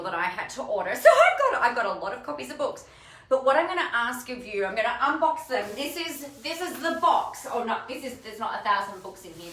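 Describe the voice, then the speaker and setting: Woman, casual vlog host, excitable and gushing, voice slightly high. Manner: gushing and excitable, bursts of squealing. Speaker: host unboxing her own book. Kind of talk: casual live video chat. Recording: roomy echo.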